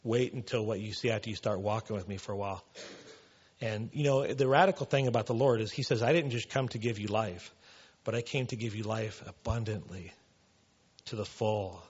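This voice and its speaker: A man's voice: fairly low pitch, brisk, breathy edge, lo-fi sound. A man preaching a casual sermon in a church, loose and conversational, full of "you know" and "man". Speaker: pastor.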